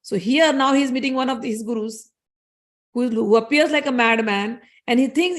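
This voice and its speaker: A woman's voice: on the high side, moderate pace. A woman giving an earnest scripture discourse as a spiritual teacher, repeating key phrases as she explains a story.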